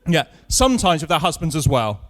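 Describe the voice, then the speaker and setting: High-voiced man doing dry stand-up. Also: very animated, a little fast, fairly bright tone. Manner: dry, self-mocking storytelling with punchlines. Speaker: stand-up comedian. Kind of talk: stand-up set with crowd work. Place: comedy club stage, live show.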